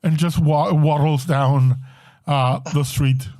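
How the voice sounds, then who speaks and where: A man's voice: on the high side, steady tone, slow pace, a little mellow. A man running a tabletop game as game master, narrating in a loose style and often laughing.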